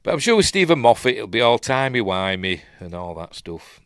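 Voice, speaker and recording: A man's voice: lowish voice, sing-song, fairly quick, a bit bright, clear, resonant tone, dry recording, studio quality. A man with a Yorkshire accent hosting a live news stream, rambling and opinionated with muttered asides. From Yorkshire, England. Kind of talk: casual live stream commentary.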